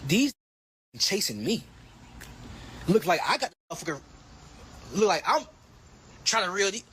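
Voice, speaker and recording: A young man in his twenties, a boxer, giving a heated, profane trash-talk rant that swings between loud and muttered. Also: high-pitched, very animated, unhurried, long pauses, slight background noise. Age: 20s.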